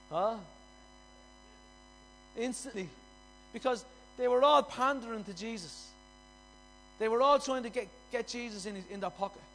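High-voiced guy preaching in church, gets fired up, soft music and hum behind. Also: rough recording. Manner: impassioned, repetitive, quick to raise his voice. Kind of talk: sermon.

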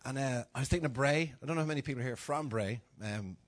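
A man's voice: mid-range voice, fast talker. An older man with a Dublin Irish accent, preaching an informal sermon in a church hall, chatty and self-mocking, acting out little dialogues. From Dublin, Ireland. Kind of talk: informal sermon with humorous stories.

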